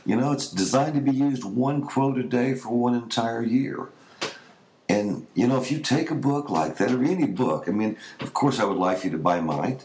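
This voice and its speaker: A man's voice: mid-range voice, expressive, normal speed, a little mellow. A man hosting his own podcast, talking in an earnest, encouraging, rambling way with restarts. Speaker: podcast host. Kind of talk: casual podcast monologue. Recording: echoey room with faint noise.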